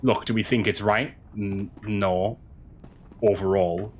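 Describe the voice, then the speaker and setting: A man streaming a game, chatting casually with his audience in a halting way, with frequent restarts. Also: fairly low pitch, fairly even intonation, faint music behind. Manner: halting, chatty, many restarts, answering chat. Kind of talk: casual stream chat while gaming.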